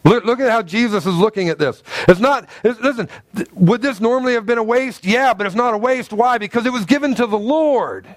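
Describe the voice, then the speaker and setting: A middle-aged man, a pastor, preaching a sermon in a church with animated, humorous storytelling and self-mocking asides. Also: very high-pitched, brisk, few pauses, dry recording. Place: church sanctuary.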